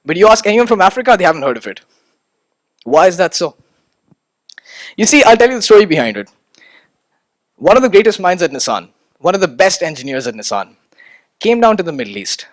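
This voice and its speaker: A young man from India gives a motivational talk to an audience. His voice sits high and lively, full of rhetorical questions and calls to the crowd. He often doubles a word as he builds up to a point. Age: 20s. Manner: animated, rhetorical, repeats words when starting. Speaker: student speaker. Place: stage at a talk event.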